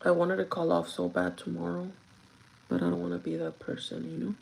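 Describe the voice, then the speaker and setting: A woman's voice: fairly low pitch, big pitch swings, brisk, creaky, darkish tone, slight background noise, poor audio. A young woman chatting casually while getting ready, cursing freely and laughing often. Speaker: vlogger. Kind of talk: casual get-ready-with-me chat.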